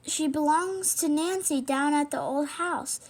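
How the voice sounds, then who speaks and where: A woman's voice: sits high, measured pace, voice pushed up. A woman reading the lines of an eager boy rag doll in a storybook, in a plain reading voice.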